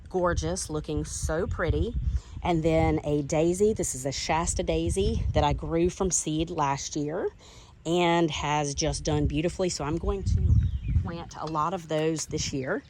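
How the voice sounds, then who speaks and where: A woman's voice: low-pitched, darkish tone, a little hiss or hum. A middle-aged woman with a Southern accent, chatting enthusiastically as she walks through her garden and shows off her plants. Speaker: garden vlogger. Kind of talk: casual garden tour narration. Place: outdoors in a home garden.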